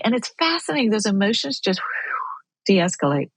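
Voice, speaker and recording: A woman guest in a casual faith-based conversation, animated and acting out her own inner thoughts. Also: medium pitch, moderate pace, no room sound. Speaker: podcast guest.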